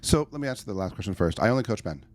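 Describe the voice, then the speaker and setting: A man's voice: lowish voice, rapid-fire. A man, a life coach and podcast guest, talking emphatically and telling stories in a conversational interview. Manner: emphatic, animated storyteller.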